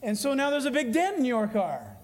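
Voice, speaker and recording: A man with a fairly high voice, preaching a sermon. He tells stories in an earnest way and draws out the phrases he wants to stress. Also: wildly swooping pitch, darkish tone. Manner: earnest, storytelling preacher with emphatic slowed phrases. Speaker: pastor.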